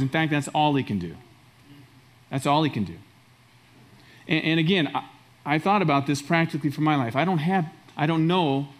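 A middle-aged male pastor preaching a sermon, emphatic and repeating key phrases for stress. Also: a little high.

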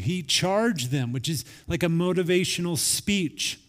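A man's voice: fairly high pitch, animated, normal speed, few pauses. A man in his forties preaching a sermon in a conversational way, acting out quoted family dialogue. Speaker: pastor. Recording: long reverb of a large hall.

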